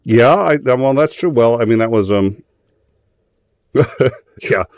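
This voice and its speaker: A man's voice: mid-range voice, animated, slow pace, a little mellow, no echo. A man hosting a live show, telling a story in rambling, profane casual chat full of fillers. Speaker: host.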